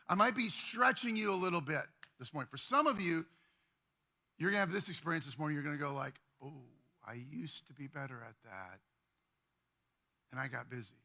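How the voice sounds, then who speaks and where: A man, a pastor, preaching a sermon in a conversational style, often repeating phrases and dropping to quiet, intimate tones. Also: high-pitched. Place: church.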